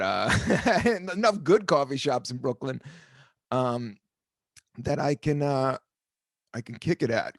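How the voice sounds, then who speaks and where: A man's voice: medium pitch, no room sound, clean studio sound. A man hosting his own podcast, talking casually in a laid-back, rambling way that jumps between topics and sometimes turns playfully sing-song. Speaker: podcast host and comedian. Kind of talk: casual solo podcast monologue.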